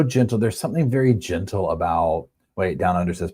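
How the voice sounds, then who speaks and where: A man's voice: low voice, expressive, brisk, mellow, slightly rough. A man hosting a live true-crime stream, chatting casually, greeting viewers and reading out comments and statements.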